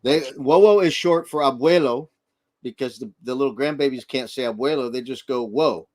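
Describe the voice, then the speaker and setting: A middle-aged grandfather co-hosting a casual livestream chat, telling animated family stories and acting out voices. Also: medium pitch, brisk. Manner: animated storyteller who acts out voices. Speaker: livestream co-host.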